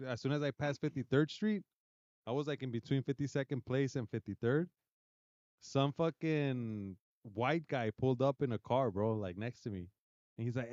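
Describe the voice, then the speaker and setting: Profane podcast host. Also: male voice, medium pitch, moderate pace, a little mellow, dry recording, highs cut off. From South Central Los Angeles. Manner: casual, profane, switches between English and Spanish. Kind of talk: casual chat.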